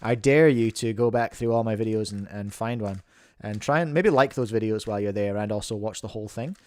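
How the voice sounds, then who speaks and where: Man, new zealand accent, livestream host, mock sports commentary, playful and rambling, smooth resonant voice, dry close sound. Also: lowish voice, brisk, darkish tone, dry recording. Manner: playful, rambling, self-mocking.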